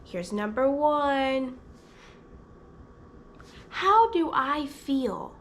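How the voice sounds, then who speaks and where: Woman talking super slow and high to toddlers, singsongy, big gasps, bit of hiss behind. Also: lively intonation, fairly bright tone. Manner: exaggerated, gasping, sing-song teacher voice. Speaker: speech therapist and children's video host. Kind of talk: slow sing-song toddler teaching.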